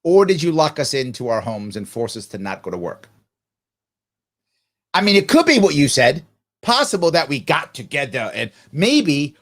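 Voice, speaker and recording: A male podcast host giving mocking, sarcastic commentary on clips that he plays back. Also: mid-range voice.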